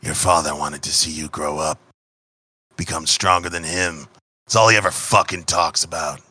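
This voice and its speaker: A man voicing a cold, menacing male tabaxi gunman in a tabletop game, low and sneering. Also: steady tone, normal speed, bright, forceful tone, husky, no room sound, exaggerated voice. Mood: mocking.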